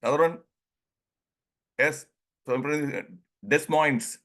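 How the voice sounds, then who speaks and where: A man's voice: mid-range voice, fairly bright tone. Chuckling Indian English man on a call. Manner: chuckles often, acts out dialogues, drawls words slowly. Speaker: presenter leading an online group session. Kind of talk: informal talk on English pronunciation.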